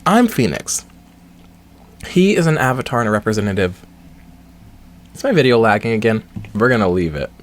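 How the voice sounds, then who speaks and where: Playful, animated young man. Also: on the low side, fast talker, pauses often. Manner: playful, joking asides. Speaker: game streamer. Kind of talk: playthrough commentary, reading the dialogue aloud. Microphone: headset or desk mic with face cam.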